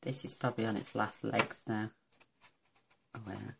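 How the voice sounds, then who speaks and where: A middle-aged British woman with a very deep voice and vocal fry talks at a moderate pace in a flat tone over some background noise. She's a craft demonstrator chatting casually through a tutorial, rambling and talking to herself as she works.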